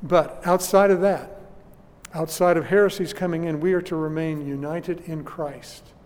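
A man's voice: fairly high pitch, fairly even intonation, normal speed, darkish tone, in a large hall. A man preaching a sermon to his congregation, earnest and questioning his listeners. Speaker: pastor.

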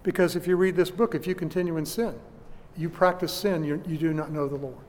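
A man's voice: fairly high pitch, fairly even intonation, fairly quick, a little mellow, a little hiss or hum. Earnest preaching man in a reverberant hall. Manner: earnest preaching with rhetorical questions. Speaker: pastor. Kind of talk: sermon.

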